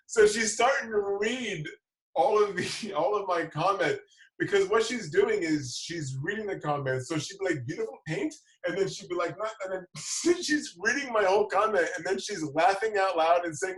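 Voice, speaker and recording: A man's voice: sits high, normal speed, recorded from a distance. Laughing man telling stories in an echoey room. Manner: laughs through his stories, animated retelling. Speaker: show host. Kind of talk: casual livestream storytelling. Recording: roomy, from away from the mic.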